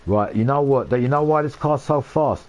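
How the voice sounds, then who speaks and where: A man's voice: mid-range voice, normal speed, a little mellow, a little hiss or hum. A young man commenting casually on his gameplay for viewers, swearing often and getting worked up. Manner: swears a lot, talks to his viewers, flares up in frustration. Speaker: live-streaming gamer.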